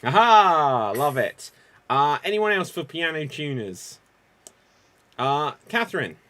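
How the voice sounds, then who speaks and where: A man's voice: a little high, very animated, slow pace, pushed and bright. A man hosting an improv comedy show, upbeat and laughing as he calls on players. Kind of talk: casual hosting.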